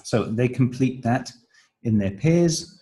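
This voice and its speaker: On a low-quality recording, a man with a medium-pitched, animated, dark voice and a breathy edge takes on the role of a teacher trainer. His pace is slow and explanatory, full of ums and uhs, as he walks step by step through a training manual.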